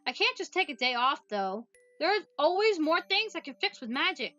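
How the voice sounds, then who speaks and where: A woman's voice: high-pitched, sing-song, brisk, bright, forceful tone, dry recording, highs cut off, faint music behind, full character voice. A woman voicing an earnest, polite young witch girl who talks in a formal, careful way in a voiced visual novel.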